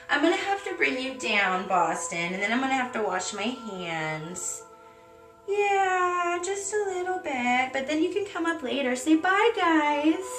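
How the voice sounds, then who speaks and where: A bubbly woman hosts a casual live stream from home, greeting viewers by name and cooing at her cat. Her voice sits high and swings widely. The room is echoey, with faint music underneath. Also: pushed and bright.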